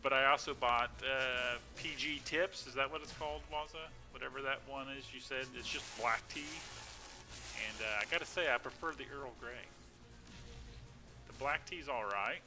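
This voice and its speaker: A man's voice: mid-range voice, normal speed, bright, forceful tone, soft background music. A man chatting casually and laughing often while live-streaming a game.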